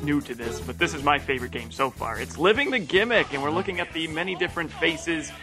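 A man's voice: on the high side, lively intonation, fast, music in the background. A man playfully introducing a podcast segment, pretending to be choked up. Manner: playful, mock-emotional.

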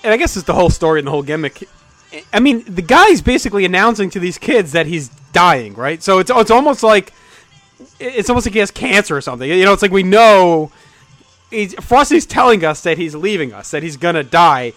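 A man's voice: high-pitched, sing-song, a little fast, a bit bright, dry recording, soft background music. A man co-hosting a casual comedy podcast, ranting and swearing with jokey outrage. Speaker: podcast co-host.

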